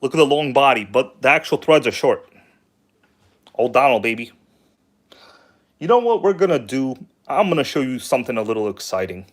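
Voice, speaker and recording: A man's voice: medium pitch, animated, moderate pace, pauses often. A man hosting a casual hobby livestream from home, talking loosely and joking with viewers. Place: at home, kitchen table.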